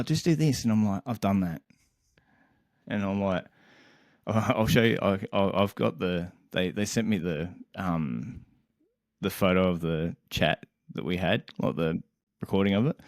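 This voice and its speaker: A young man on a casual podcast, co-hosting and telling a story in an animated, exasperated way, swearing constantly and laughing mid-sentence. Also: sits low, no room sound, studio quality. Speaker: podcast co-host.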